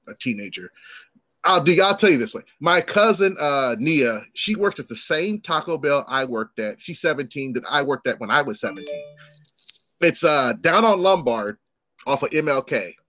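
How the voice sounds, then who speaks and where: In a mid-range voice with no room sound, a middle-aged podcast host tells stories during a casual chat. He's animated, acts out the voices of the people involved, and swears freely.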